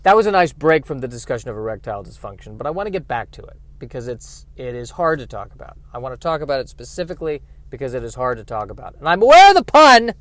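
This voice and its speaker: A man's voice: medium pitch, animated, quick pace, few pauses, no echo. A man hosting a solo comedy podcast from inside his car, delivering self-deprecating rants and comic asides while he drives. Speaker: podcast host. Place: in a car, driving and parking.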